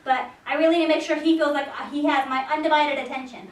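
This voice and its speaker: A woman's voice: high voice, steady tone, fast talker, distant mic. A young woman working as a dog trainer, explaining her methods to viewers between commands and praise to the dog. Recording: echoey room, voice off-mic.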